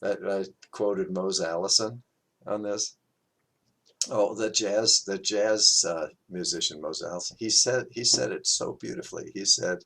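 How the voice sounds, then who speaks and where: Man, qigong teacher, very low voice, halting speech, restarts and fillers, chuckles softly. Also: vocal fry, slight background noise. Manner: gentle, chuckles at his own quotes. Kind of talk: reflective class talk.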